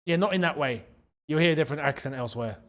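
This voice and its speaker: A young man with a London accent hosts a live football watchalong, reacting to the match and thanking viewers for their messages. His voice sits high and swings widely in pitch. He keeps it chatty and laughs often. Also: expressive, fast, fairly bright tone. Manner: chatty, laughs often, reads out super chats. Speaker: watchalong host. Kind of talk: casual live match commentary.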